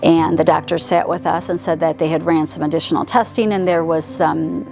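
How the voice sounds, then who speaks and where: Low, flat-voiced, gravelly middle-aged woman. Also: soft background music. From Michigan, USA. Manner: slow, hesitant, somber retelling. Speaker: mother of a patient. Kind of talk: documentary interview.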